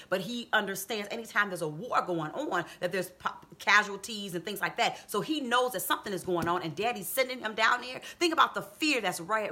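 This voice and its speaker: A woman preaching a sermon, reading scripture and explaining it, then rising to high, emphatic calls to her listeners. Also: sharp tone. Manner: reads scripture and explains it conversationally. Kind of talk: sermon on a live video stream.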